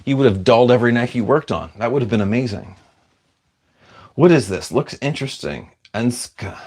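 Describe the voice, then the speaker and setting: Brisk and expressive, his medium-pitched voice has a slightly mellow quality. He's a livestreamer reading viewer comments and replying chattily, putting himself down and losing the thread mid-sentence.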